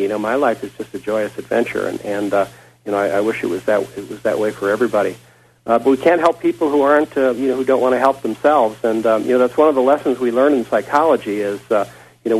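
A man's voice: mid-range voice, poor audio. A man hosting a casual talk show, a former psychotherapist who rambles with many fillers and restarts.

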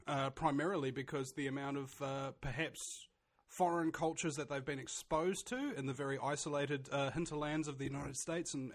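A man with a New Zealand accent in casual conversation, blunt and opinionated, often restarting his sentences. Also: mid-range voice.

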